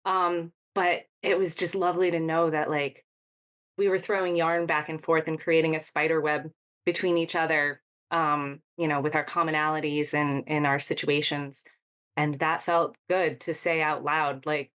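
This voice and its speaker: Low-voiced woman guest reminiscing. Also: little pitch movement, normal speed, a bit bright. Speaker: guest, retreat attendee. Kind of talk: casual interview chat.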